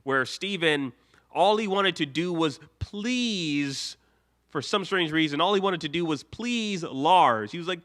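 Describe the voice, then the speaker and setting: A man's voice: a little high, animated, a little slow, a bit bright. A young man hosting a live show, rambling casually, reading viewer comments aloud and laughing often. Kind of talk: casual live stream chat.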